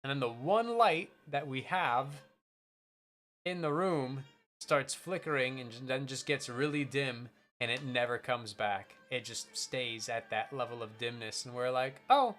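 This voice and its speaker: A man's voice: mid-range voice, measured pace, fairly bright tone, soft background music. A man streaming, chatting casually and telling a rambling story with many restarts. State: voice changed by a bite on the throat.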